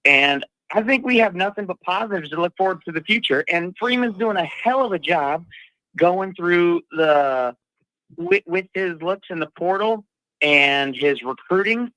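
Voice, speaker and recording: A man's voice: high-pitched, expressive, measured pace, pushed and bright, no room sound, poor audio. A man calling in to a fan show, talking in an upbeat, optimistic way. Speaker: caller. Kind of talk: casual call-in chat.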